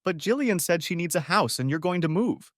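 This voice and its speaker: A pleading young woman pitched up, her voice lifting and falling in hesitant appeals, as a man reading the story puts her on. Close, dry sound. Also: lively intonation, fairly quick, no echo. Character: young adult woman, tearful and pleading friend.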